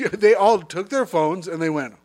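A man co-hosting a comedy podcast, chatting casually in a teasing, quick-to-laugh way. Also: high voice, darkish tone. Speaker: podcast co-host.

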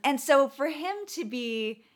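A woman co-hosting a podcast, chatting casually about a TV show in a lively, conversational way. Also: high voice. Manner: lively, conversational, quick to agree. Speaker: podcast co-host.

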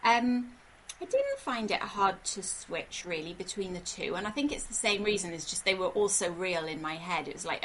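A woman from Wales, an author answering interview questions in a thoughtful, soft-spoken way. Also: lowish voice, expressive, normal speed, a little hiss or hum, poor audio. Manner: thoughtful, soft-spoken, uses many fillers. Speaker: author, podcast guest.

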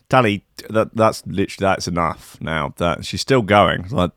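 A man's voice: deep voice, steady tone, measured pace, fairly bright tone, clear, resonant tone, dry recording, clean studio sound. A man telling a comic anecdote in a wry, rambling, sarcastic way. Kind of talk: comic storytelling monologue.

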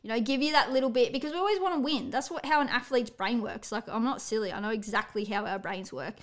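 Blunt, energetic woman coach. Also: on the high side, fast talker. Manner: blunt, energetic, tells it how it is. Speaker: athletics coach and podcast host. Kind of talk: casual motivational podcast monologue.

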